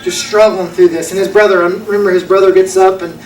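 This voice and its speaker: A man's voice: high-pitched, fairly even intonation, quick pace, soft background music. A young man preaching a sermon, telling a story in an earnest, folksy way. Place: church auditorium. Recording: echoey room from a distance.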